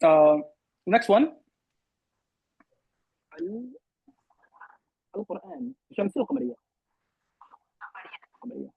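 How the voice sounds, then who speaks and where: A man with a somewhat raised, husky voice runs an online Arabic lesson. He quizzes his students and corrects their answers firmly, often repeating a word several times. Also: sits high, very animated, slow pace, long pauses, narrow, tinny audio. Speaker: Arabic teacher. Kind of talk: online class teaching.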